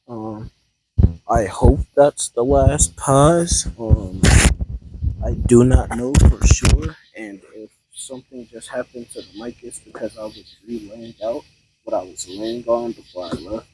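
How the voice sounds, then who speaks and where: A man's voice: mid-range voice, a little slow, warm tone, slight background noise, low-quality recording. A man casually improvising a fan-fiction story, rambling and hesitant with many ums and restarts.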